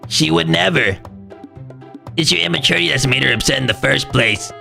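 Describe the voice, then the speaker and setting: A man doing a gravelly prim bookish girl. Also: mid-range voice, a little fast, bright, forceful tone, soft background music, exaggerated voice. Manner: wordy, prim. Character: formal bookish teenage girl. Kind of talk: voice acting while reading a game.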